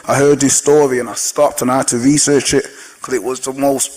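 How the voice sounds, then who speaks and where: A man who trains older people, giving an energetic motivational talk to a live audience, telling stories and putting questions to the crowd. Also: mid-range voice, brisk, rough recording. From Jamaican heritage. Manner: energetic storyteller, asks the audience questions, sings snatches of songs.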